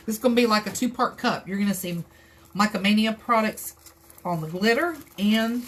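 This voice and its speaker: A woman's voice: mid-range voice, expressive, normal speed, slight background noise. A woman with a Southern US accent chatting her way through a live crafting tutorial, rambling and folksy as she talks to her viewers. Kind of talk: casual how-to chat.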